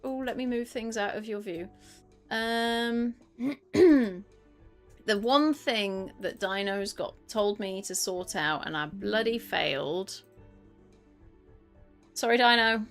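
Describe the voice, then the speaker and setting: A woman's voice: medium pitch, slow, pauses often, faint music behind. Chatty British woman game streamer. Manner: rambling and chatty with many "um"s, excitable when reacting to chat. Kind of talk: casual live-stream chat.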